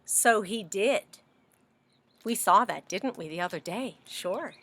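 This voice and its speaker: A woman librarian reading a picture book aloud to children, animated and asking them questions as she goes. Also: mid-range voice, slow pace. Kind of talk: children's story read-aloud.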